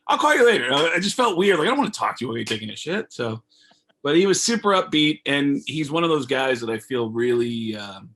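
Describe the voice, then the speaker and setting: A man, a comedian guest on a video call, telling stories in a casual, animated way and acting out phone calls. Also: medium pitch, a little fast. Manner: animated storyteller, acts out phone calls in raised voices.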